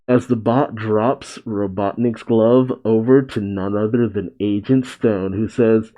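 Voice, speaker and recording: A man's voice: on the low side, fairly even intonation, slow pace, highs cut off. A man casually reading a comic aloud, dropping chatty asides between the lines. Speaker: comic reader.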